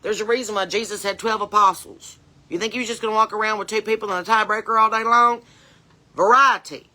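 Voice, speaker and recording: A woman's voice: mid-range voice, steady tone, fast, sharp tone, close to an everyday voice. A woman playing a blunt, chain-smoking porch mom, talking in a folksy, earnest, rambling way. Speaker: comedian in character. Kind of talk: comedic character monologue.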